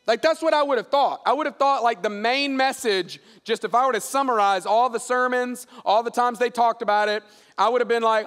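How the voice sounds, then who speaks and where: A middle-aged man with a fairly high voice delivers a sermon. He tells stories in a loose, conversational way and drops into a lower voice to act out the people in them. The sound carries a long reverb from a large hall. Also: moderate pace, clear, resonant tone. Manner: animated storyteller acting out dialogue in a lowered voice. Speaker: pastor. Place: large church auditorium.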